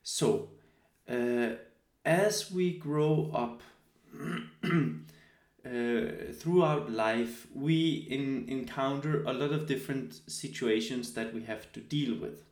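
A man in his thirties giving a relaxed spoken lecture, often hesitating with fillers and restarts. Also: mid-range voice, slow pace, reverberant. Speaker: teacher.

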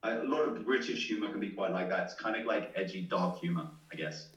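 A man's voice: low voice, fast talker. A man taking part in a group workshop talks in a loose, chatty way and says "like" often. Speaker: workshop participant. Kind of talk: casual group discussion. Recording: distant, dull, echoey room mic.

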